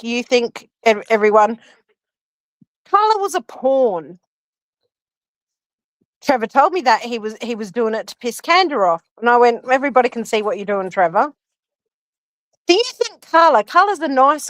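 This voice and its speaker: Heated woman on stream calling people out, highish voice, dry sound. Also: no room sound, poor audio. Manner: indignant, accusing, quoting others mockingly. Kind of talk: heated livestream commentary.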